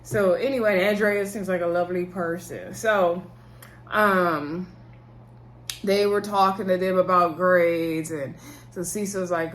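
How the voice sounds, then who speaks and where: A woman's voice: on the low side, fairly even intonation, a little slow, a bit bright, a little hiss or hum. Chatty woman doing a laughing TV recap. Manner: chatty, laughing, slangy, acts out quotes. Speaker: reality TV recap vlogger. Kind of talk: casual episode recap.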